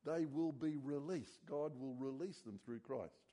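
Pastor, male, warm mellow tone, earnest sermon delivery that sinks quiet on key words. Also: on the high side, measured pace.

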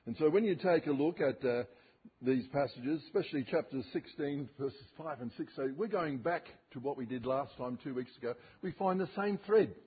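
Husky male preacher, emphatic delivery. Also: mid-range voice, lively intonation. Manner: slow, emphatic Bible reading with dramatic rises and drops. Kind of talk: expository sermon. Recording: tinny phone-like sermon recording.

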